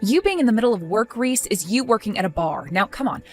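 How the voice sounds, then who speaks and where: A woman's voice: a little high, very animated, fast, soft background music. A woman voicing a defensive, exasperated young wife in a text-story drama, pleading and indignant.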